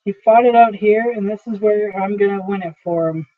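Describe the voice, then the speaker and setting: A proud, stubborn young man speaks with set defiance, as a man reads him. The voice pitches high. The audio is narrow and tinny. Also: normal speed, lightly acted. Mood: defiant. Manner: defiant, insistent.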